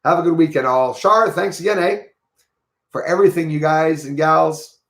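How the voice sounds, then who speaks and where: Quebec-accented man, gravelly voice, rambling livestream host greeting his chat, echoey room. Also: on the high side, moderate pace, fairly bright tone. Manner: rambling, chatty, greets viewers by name. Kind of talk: casual livestream chat, reading viewer comments.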